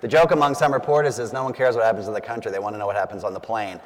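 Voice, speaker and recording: A man's voice: on the low side, fairly even intonation, racing, big-room sound, slight background noise. A man, a priest, giving a conversational talk to a group, telling stories with asides and frequent fillers. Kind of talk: conversational public talk with storytelling.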